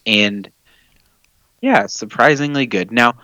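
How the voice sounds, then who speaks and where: A man's voice: mid-range voice, takes it slowly, pushed and bright, no room sound. A man co-hosting a podcast, chatting casually and easygoing, with fillers and frequent laughs. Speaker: podcast co-host. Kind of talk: casual fantasy football chat.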